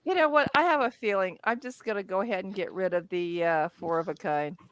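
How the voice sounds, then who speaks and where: A woman's voice: mid-range voice, fairly quick. A woman hosting a casual chat while playing an online dice game, playfully cheering on the rolls. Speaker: host.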